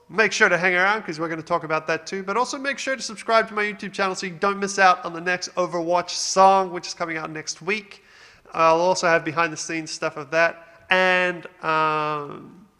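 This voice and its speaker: A man's voice: sits high, sharp tone, big-room sound. A man from Australia hosting a casual music production walkthrough, upbeat and rambling with fillers. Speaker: music producer, channel host.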